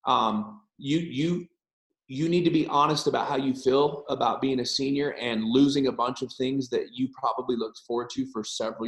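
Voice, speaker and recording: A man's voice: mid-range voice, roomy sound, rough recording. A middle-aged man speaking as a guest pastor to students, earnest and frank, repeating points for emphasis. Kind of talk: casual encouraging talk and prayer.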